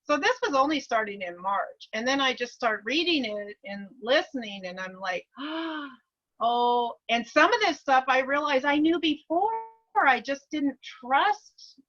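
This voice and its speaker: A woman's voice: high-pitched, animated, moderate pace, fairly bright tone, lo-fi sound. A woman sharing her story eagerly on a group video call, rambling with restarts and laughing often. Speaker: course participant.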